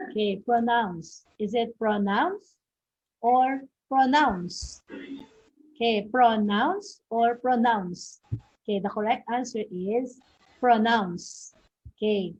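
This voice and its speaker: Filipino woman teacher, fairly high, husky voice, lots of "okay", slow drawn-out examples, dull lo-fi sound. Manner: fills with frequent "okay"; slow, drawn-out model pronunciations. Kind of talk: online lesson. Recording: husky, dull lo-fi home recording.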